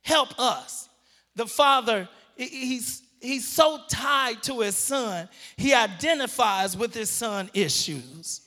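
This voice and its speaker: A man preaching a sermon, drawing words out for emphasis and building up to shouts. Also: extremely high pitch, animated, slow pace, long reverb tail, soft background music.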